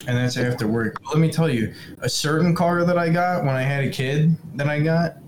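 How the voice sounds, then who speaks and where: A man's voice: on the high side, normal speed, slight background noise, poor audio. A young man in casual podcast chat over a video call, blunt and bragging, swearing freely.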